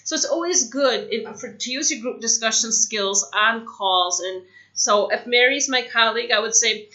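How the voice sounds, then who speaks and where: A woman giving a casual spoken English lesson, chatty, saying example phrases slowly. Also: a little high, sharp tone, muffled recording. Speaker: English teacher.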